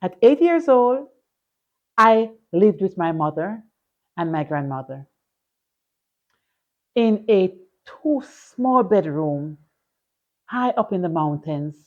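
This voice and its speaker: Slow, emphatic Jamaican woman in her sixties. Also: on the low side, big pitch swings, muffled recording. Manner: slow, deliberate and emphatic, building to forceful declarations. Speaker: motivational speaker. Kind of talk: inspirational speech.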